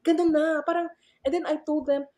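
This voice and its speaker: A middle-aged woman with a Filipino accent, a math teacher telling animated stories as a podcast guest and switching between Tagalog and English. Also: high voice, brisk. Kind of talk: casual podcast storytelling.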